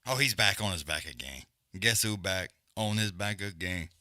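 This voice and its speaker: A man's voice: sits low, expressive, normal speed, sharp tone, no echo, studio quality. Profane man doing live fight chat. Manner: profane, rambling, frustrated with stream glitches. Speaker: livestream host. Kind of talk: casual live fight commentary.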